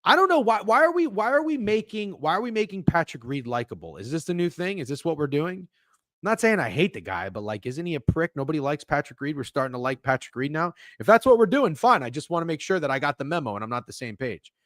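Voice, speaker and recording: A man's voice: fairly high pitch, sing-song, fast talker, fairly bright tone, no echo, studio quality. A man hosting a live stream, chatting casually in a rambling, profane, jokey way and reacting to chat. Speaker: stream host.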